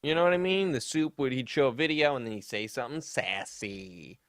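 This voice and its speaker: A man's voice: medium pitch, brisk, a bit bright, no echo, studio quality. A man hosting a comedy podcast, chatting casually and mockingly about online drama. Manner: sarcastic, mocking, with sassy put-on voices for quotes. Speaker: podcast host.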